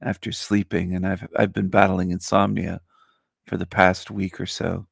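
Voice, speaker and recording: A man with a low, gravelly voice talks on his livestream, boastful and mocking, dragging out his words for emphasis. His voice is still groggy from a nap. The sound is close and dry. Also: little pitch movement, normal speed, dry recording. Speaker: livestream host. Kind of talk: casual livestream rant.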